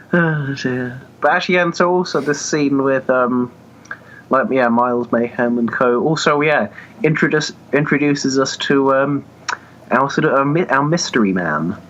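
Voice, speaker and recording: A man's voice: mid-range voice, measured pace, a bit bright, slight background noise. Guy co-hosting a podcast, chuckling and hedging, kinda dull lo-fi sound. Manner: laughs often, hesitant with fillers. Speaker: podcast co-host. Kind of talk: casual comic book discussion.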